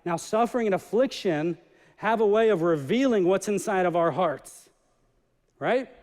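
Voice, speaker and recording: A man preaching a lively sermon as pastor of a church, acting out voices from the story as he reads. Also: high-pitched, moderate pace. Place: church sanctuary. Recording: church hall with long reverb.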